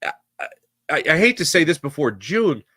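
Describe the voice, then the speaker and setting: Excited bright-voiced man talking sports. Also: on the high side, moderate pace, husky, dry recording, studio quality. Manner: excited, rambling, fan-like. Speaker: sports podcast host. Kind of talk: casual sports commentary. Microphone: podcast mic.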